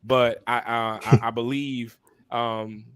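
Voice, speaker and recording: A man's voice: medium pitch, level tone, slow pace, clean tone. Male minister as podcast guest: candid, passionate, preacher cadence with repeated phrases, mid-range voice. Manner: apologetic asides to listeners. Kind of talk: candid conversational testimony.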